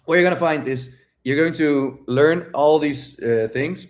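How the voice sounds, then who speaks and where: A man's voice: on the high side, measured pace, background noise. Brash, profane male dating coach. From outside the United States. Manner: brash, profane, laughs often. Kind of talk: casual livestream Q&A.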